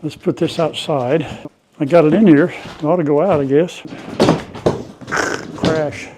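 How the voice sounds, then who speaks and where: Cleaning out an old farm building and its yard, this older man narrates to his viewers in a relaxed, homespun way, coughing at times from the dust. He speaks a little slowly in a steady, somewhat high voice over heavy background noise.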